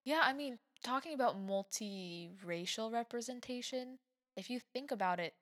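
A woman's voice: on the high side, moderate pace, fairly bright tone. A woman hosting a podcast in casual chat, attentive and often murmuring agreement. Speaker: podcast host.

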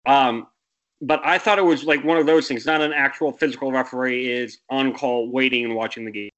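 A man's voice: medium pitch, steady tone, a little fast, a bit bright, lo-fi sound. A young American man co-hosting a casual sports podcast, rambling and correcting himself, with exasperated rants. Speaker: podcast co-host.

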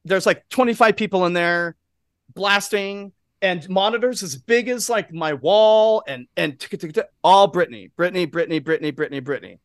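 A male podcast co-host with a fairly high voice, spinning a rambling anecdote full of asides and swearing. The sound is dry and close, from a studio mic. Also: normal speed, dry recording. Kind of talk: casual storytelling chat.

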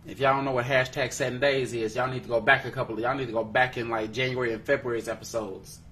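A man's voice: mid-range voice, level tone, quick pace, fairly bright tone, distant mic, slight background noise. Laughing, teasing male podcast host. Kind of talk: casual chat.

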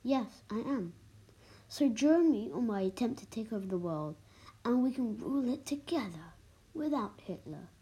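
A woman's voice: a little high, lively intonation, normal speed, warm tone, voice pushed up. A woman reading as a scheming base commander. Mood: persuasive.

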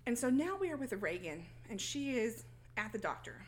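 A woman's voice: fairly high pitch, big pitch swings, a little fast, slight background noise. A woman co-hosting a podcast, telling a film's story in casual chat and acting out the characters' lines. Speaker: podcast co-host recapping a film.

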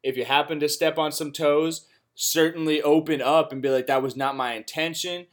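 A man in casual podcast chat, reflecting earnestly on personal growth in slangy, relaxed speech. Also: fairly high pitch, normal speed.

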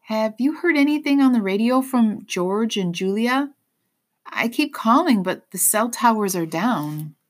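A woman's voice: mid-range voice, lively intonation, a little fast, few pauses, a little mellow, slightly rough, pitched above the performer's own voice. A woman voicing a worried young woman who pleads in a trembling voice in an audiobook. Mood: anxious.

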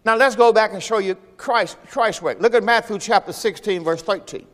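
During a church service, a pastor with a voice that sits high and sounds fairly bright preaches at a moderate pace. He uses a folksy, repetitive style with call-and-response to the congregation, and the sanctuary adds a long reverb.

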